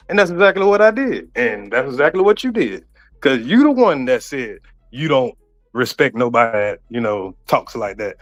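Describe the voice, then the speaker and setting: A man's voice: mid-range voice, animated, normal speed, a bit bright, faint music behind. A man arguing on an online panel, defensive and repeating himself. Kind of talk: heated argument.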